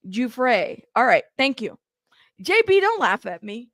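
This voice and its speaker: A woman's voice: fairly high pitch, sing-song, a little slow, a bit bright, no room sound, studio quality. A woman hosting a news livestream in casual chat, talking straight to her viewers and laughing at herself.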